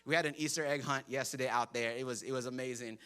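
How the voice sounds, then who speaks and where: Bright-voiced joking pastor preaching. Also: male voice, medium pitch, fairly even intonation, fast talker, smooth. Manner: joking storyteller, acts out quotes; laughs often while preaching. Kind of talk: sermon.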